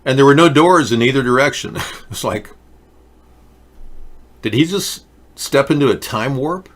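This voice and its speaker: A man's voice: medium pitch, expressive, measured pace, fairly bright tone. A man hosting a show, talking in a casual, rambling, jokey monologue full of asides. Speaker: host.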